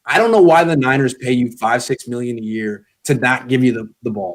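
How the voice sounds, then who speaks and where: A man's voice: mid-range voice, fairly quick, hardly any pauses. A man on a sports podcast, bluntly and sarcastically grading football players as if speaking to them directly. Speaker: guest sports commentator. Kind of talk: casual podcast chat.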